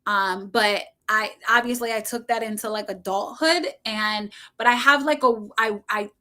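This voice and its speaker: A woman's voice: on the high side, normal speed, pushed and bright. A middle-aged woman chatting casually with viewers on a livestream from home, rambling and laughing often.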